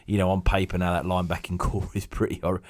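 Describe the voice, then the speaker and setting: Deep-voiced wry man. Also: little pitch movement, dry recording. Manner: wry, teasing, lots of quick agreement. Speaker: podcast co-host. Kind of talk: casual sports chat.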